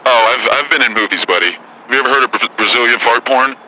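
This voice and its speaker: A man's voice: mid-range voice, quick pace, sharp tone, a little hiss or hum, poor audio. A man doing a comedy impression of a brash, touchy female celebrity talk host who swears and gets defensive.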